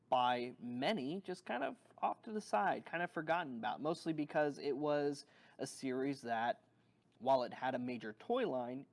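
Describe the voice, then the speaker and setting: A man reviewing a toy on video, talking in a rambling, enthusiastic fan manner with lots of fillers and restarts. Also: medium pitch.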